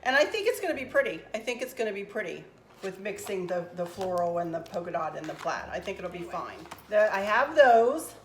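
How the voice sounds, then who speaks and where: A woman's voice: mid-range voice, sing-song, brisk. A middle-aged woman, hosting a craft tutorial in a chatty, rambling, upbeat way from a room at home. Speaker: craft channel host. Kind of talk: casual craft tutorial chat. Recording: roomy with faint background noise.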